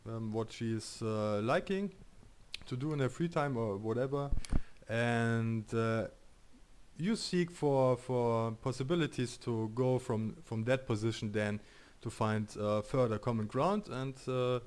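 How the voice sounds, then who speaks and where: Brief: man, mid-pitched, gaming host, halting casual advice with lots of "uh". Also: a little mellow, clean tone. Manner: hesitant, filler-heavy explaining. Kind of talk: casual commentary.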